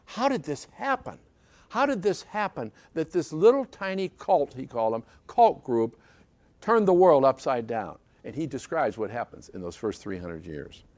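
An emphatic male preacher whose pitch swings widely as he leans on repeated phrases and keeps checking in with his listeners. His voice sits a touch high for a man. The recording is dry and close, with no room echo. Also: darkish tone. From British Isles. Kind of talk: sermon.

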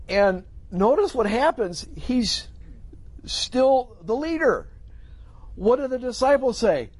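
A man's voice: very high voice, big pitch swings, a little slow, breathy edge. A middle-aged man preaching a sermon in a conversational way, acting out the voices of people in the story. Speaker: pastor.

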